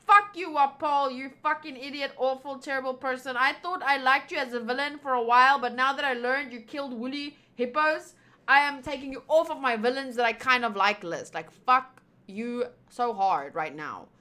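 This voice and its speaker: A woman's voice: high voice, normal speed. A woman reading a manga aloud and commenting in a playful, profane, outraged way. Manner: animated, swearing, playfully outraged. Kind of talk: casual manga readthrough with commentary.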